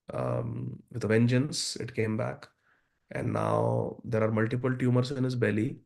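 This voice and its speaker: A man's voice: mid-range voice, vocal fry, darkish tone. A man giving a devotional scripture class, speaking earnestly and addressing listeners directly.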